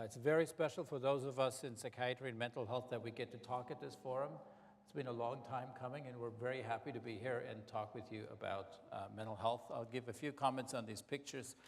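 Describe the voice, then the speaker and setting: A middle-aged man with a German accent giving a relaxed public lecture as a psychiatry professor, joking and using many filler words. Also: medium pitch, a little fast. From Alps. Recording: lecture hall reverb.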